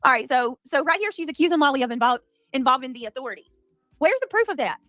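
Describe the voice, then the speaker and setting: A high-pitched woman runs a casual livestream, her voice bouncing around a wide range. She chats with her audience and thanks them one by one. The sound is dry, with faint music playing behind her. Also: animated, fast, a bit bright, no room sound. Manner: chatty, reads out and thanks viewers. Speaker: livestream host.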